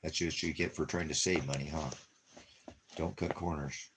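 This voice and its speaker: A man's voice: extremely low pitch, steady tone, moderate pace, noisy background. A man rambling in a casual monologue, talking affectionately to his dog and musing about money and leaving town. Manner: rambling, talks baby-talk to his dog in bursts. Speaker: ministry vlogger.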